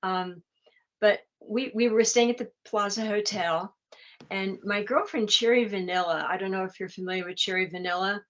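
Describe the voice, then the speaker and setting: A woman's voice: medium pitch, moderate pace, a bit bright, dull audio. An older woman, a guest in a casual chat, telling anecdotes with laughter. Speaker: interview guest. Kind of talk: casual storytelling.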